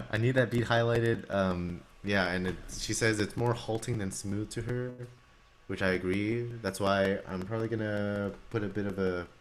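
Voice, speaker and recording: A man with a deep, low voice chats casually while composing live, talking through each step in his music software as he goes. He often restarts his sentences as he works and answers his viewers. A faint hiss sits under his voice. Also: fairly even intonation, moderate pace. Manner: talks through software steps while working, chatty with restarts. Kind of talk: casual live-stream commentary.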